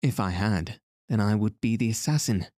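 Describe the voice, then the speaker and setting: A man's voice: fairly low pitch, lively intonation, moderate pace, warm tone, no room sound, clean studio sound, close to an everyday voice. A man voicing a frightened, stammering young suspect who pleads his innocence, in a storybook reading. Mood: defensive. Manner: nervous, pleading.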